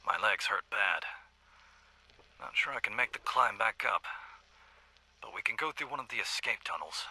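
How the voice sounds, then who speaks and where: A man's voice: fairly low pitch, lively intonation, normal speed, sharp tone, full character voice, poor audio. A man playing a stern, weary male schoolteacher, lecturing in a video game audio log.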